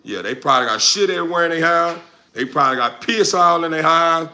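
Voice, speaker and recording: Dude going off at trolls on his stream, loud bright voice, repeats himself a lot, no clip-on mic. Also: on the high side, animated, fast talker. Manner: loud, confrontational, repetitive, slangy. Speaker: dog breeder streamer answering chat. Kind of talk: livestream rant to viewers. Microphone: no lapel mic, phone or camera mic.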